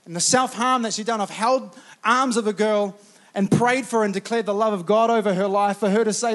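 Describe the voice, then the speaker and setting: A New Zealand man preaching with fervour, his voice sitting high for a man. He chuckles between thoughts and urges his listeners on as he speaks. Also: fairly even intonation, fairly quick. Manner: fervent, chuckling often, rallying with "come on". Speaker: pastor. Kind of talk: sermon.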